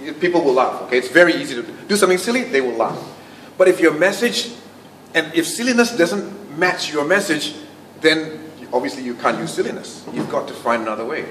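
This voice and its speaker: A man with a fairly high pitch and lively intonation teaches public speaking at a brisk clip to a club in a meeting room. He projects unmiked, then drops very soft, nearly whispering, for emphasis. The distant recording has a roomy sound and faint room noise.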